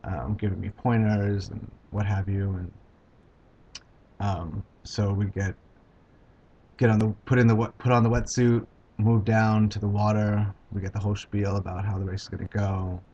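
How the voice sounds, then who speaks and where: A man vlogging about his own experience, talking in a halting, hesitant way with many pauses and restarts. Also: on the low side, flat delivery, warm tone, breathy edge. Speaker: video blogger. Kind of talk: casual personal recount. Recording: dull lo-fi home video sound.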